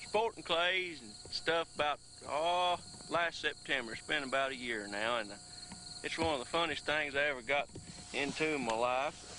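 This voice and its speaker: A man with a thick West Tennessee drawl, telling homespun jokes and stories on stage with a deadpan delivery. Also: a little high, normal speed, background noise. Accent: West Tennessee Southern drawl. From Gleason, Tennessee. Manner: homespun, deadpan one-liners. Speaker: banjo player and comedian. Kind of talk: folksy stand-up storytelling on stage. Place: concert stage.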